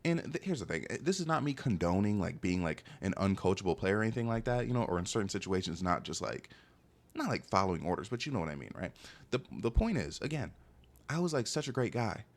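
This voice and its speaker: A young man telling a long story in a casual monologue, animated and exasperated, full of "like" and "bro". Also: on the low side, quick pace.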